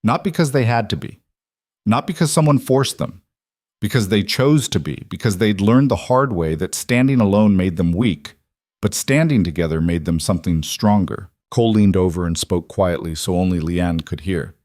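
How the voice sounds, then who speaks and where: A man narrating a western story in a steady, measured storytelling manner. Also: deep voice, no echo, clean studio sound. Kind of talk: scripted audiobook narration.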